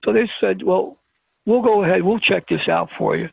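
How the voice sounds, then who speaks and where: A man tells his story over the phone to a radio host, acting out each exchange as he goes. His voice sits high for a man and carries a strong gravelly rasp. The tinny, dry phone line cuts it down. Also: normal speed, dry recording. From Brooklyn, New York. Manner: animated storyteller who acts out the dialogue. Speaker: guest telling a personal story. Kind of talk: storytelling on a call-in radio show.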